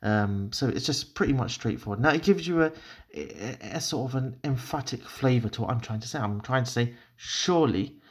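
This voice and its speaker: A man's voice: mid-range voice, animated, fairly quick, breathy edge. A man teaching Arabic grammar, explaining step by step while he writes, with many fillers, restarts and apologies.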